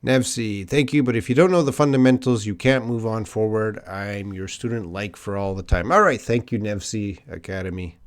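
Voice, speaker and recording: A man's voice: fairly low pitch, normal speed, few pauses. A middle-aged man with a Canadian accent, an English teacher answering viewers' chat questions on a live stream, patient and thinking aloud with ums and hmms.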